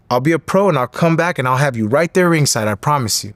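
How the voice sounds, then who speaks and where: A man's voice: animated, quick pace, fairly bright tone, dry recording. A man in his thirties telling a story as an interview guest, acting out the other people's voices as he goes. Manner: acts out quoted voices with rising pitch. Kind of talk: animated storytelling.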